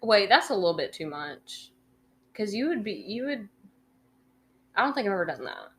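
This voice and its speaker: Woman co-host, mid pitch, casual, chimes in briefly. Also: sing-song, normal speed, a bit bright. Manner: brief reactive interjections. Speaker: podcast co-host. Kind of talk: casual chat.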